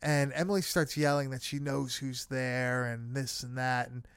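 A man's voice: medium pitch, little pitch movement, moderate pace, clean tone, dry recording. A man casually recapping a horror film with friends, swearing often and leaning on fillers. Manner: loose, swearing, many fillers.

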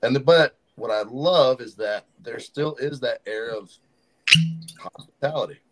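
A man's voice: medium pitch, unhurried, noisy background. Man spinning fishing tales. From Southern United States. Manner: animated storyteller who acts out quoted locals. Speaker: fishing guide. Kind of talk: casual podcast chat. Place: podcast studio.

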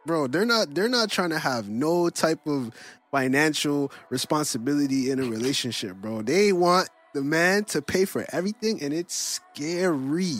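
A man from Canada co-hosts a podcast and rants emphatically, dropping bro into every other line. His pitch runs a little high and swings widely. Faint music sits behind the chat. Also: animated, moderate pace, a bit bright. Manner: emphatic, says bro a lot. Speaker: podcast co-host. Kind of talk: casual chat.

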